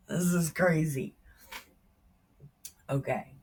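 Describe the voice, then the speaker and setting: A woman's voice: mid-range voice, animated, takes it slowly, long pauses, slightly rough. A woman retelling Bible stories in an irreverent, joking way, often laughing and exclaiming. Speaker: Bible storyteller.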